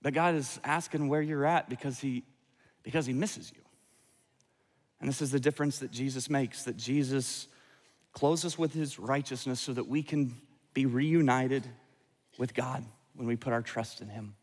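A man's voice: medium pitch, normal speed, long reverb tail. A man preaching a sermon as pastor, earnest and repeating words as he restarts phrases. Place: large church sanctuary.

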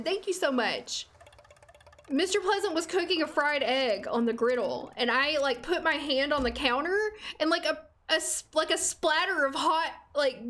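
A woman's voice: high voice, fairly bright tone. A young adult woman chatting casually while streaming a game, laughing often and talking to the characters on screen. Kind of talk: casual gameplay livestream chat. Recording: faint music behind.

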